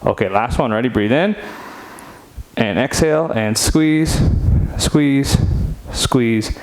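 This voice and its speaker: A man's voice: medium pitch, takes it slowly, low-quality recording. A man instructing a guided seated stretching workout, upbeat and chatty, counting reps aloud in a home studio. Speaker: fitness instructor.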